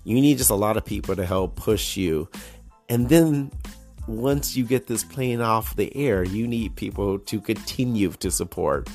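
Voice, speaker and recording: Podcast guy, lowish voice, rambling funny story, laughs a lot, faint music behind. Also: a little slow. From United States. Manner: animated, laughs often, many restarts. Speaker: podcast host. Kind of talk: casual storytelling monologue.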